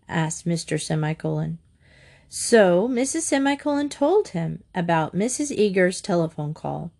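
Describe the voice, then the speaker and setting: A woman narrating a children's storybook aloud in a lively, expressive way. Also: on the low side, a little slow, vocal fry.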